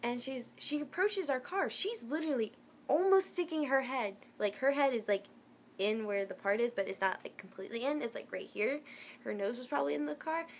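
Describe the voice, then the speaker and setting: A woman's voice: sits high, brisk, a little hiss or hum. A young woman telling a personal story to her viewers in a casual, chatty way. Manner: chatty and animated, many fillers and restarts.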